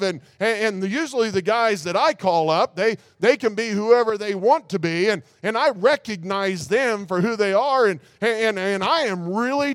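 Brief: a man putting on a terrified woman spirit-caller, high and frantic, smooth tone. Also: dry recording. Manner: frantic, voice raised higher and louder. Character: terrified female medium, middle-aged, frantic. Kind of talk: sermon storytelling.

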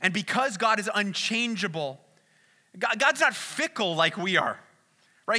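Male pastor, high voice, very bright tone; casual, conversational sermon delivery with frequent restarts. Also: lively intonation, measured pace.

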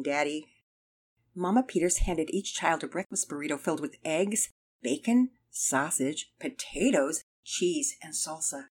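Woman reading a kids story out loud, lowish voice, steady and expressive. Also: slightly rough. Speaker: narrator. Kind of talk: storybook read-aloud narration.

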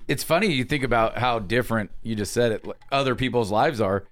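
A man's voice: medium pitch, quick pace, a bit bright, dry recording, clean studio sound. A man in casual podcast chat, asking questions and musing thoughtfully, with frequent "you know". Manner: reflective, asks questions, fills with "you know".

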